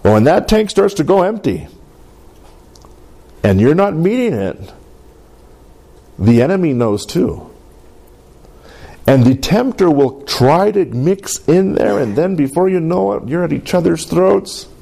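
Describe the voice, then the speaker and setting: A middle-aged pastor preaches with a lot of rise and fall in his voice, asking the room for an "amen" as he goes. His tone is mellow and warm, never sharp. Now and then he slips into playful little voices. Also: on the high side, unhurried, gravelly, pauses often. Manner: lively, call-and-response preaching with playful voices. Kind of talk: sermon.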